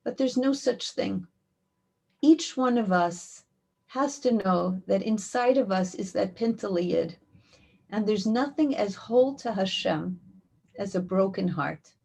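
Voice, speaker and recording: Woman, community educator, heartfelt interview storytelling, climbs high when quoting. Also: a little slow, vocal fry, a little mellow, breathy edge.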